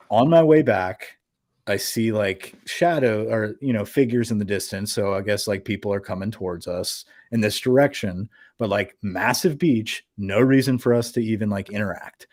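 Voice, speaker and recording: A young man hosting a podcast, telling a story in a loose, animated way, full of fillers and swearing. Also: fairly low pitch, no echo, studio quality. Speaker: podcast host. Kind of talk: casual storytelling.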